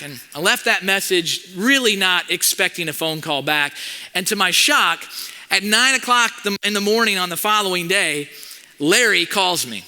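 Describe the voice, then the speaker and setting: A male pastor telling a story in a sermon, animated and acting out the conversations in it. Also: high voice, moderate pace. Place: church auditorium. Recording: long hall reverb.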